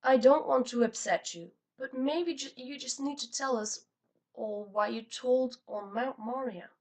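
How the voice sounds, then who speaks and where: A woman voicing an awkward, gentle teenage boy who speaks hesitantly, in an audiobook. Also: high-pitched, unhurried, far from the mic, pitched above the performer's own voice.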